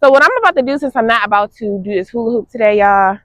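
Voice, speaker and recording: A young woman vlogs outdoors in a high, animated voice. She chats casually to her viewers and laughs often. Her voice sounds close and dry. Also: fast talker, dry recording. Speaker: fitness vlogger. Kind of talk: casual vlog chat to viewers.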